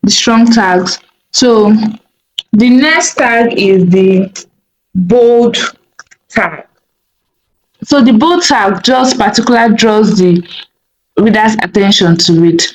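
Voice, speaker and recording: Slow, halting woman teaching code. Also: medium pitch, a little hiss or hum, rough recording. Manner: slow, thinking aloud with many fillers. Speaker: coding tutor. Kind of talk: screen-recorded coding tutorial.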